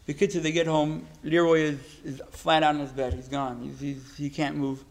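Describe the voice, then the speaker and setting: Gravelly high-voiced man telling a story. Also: level tone. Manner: halting, many restarts and repeated words. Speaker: religious teacher. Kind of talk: religious talk with a story.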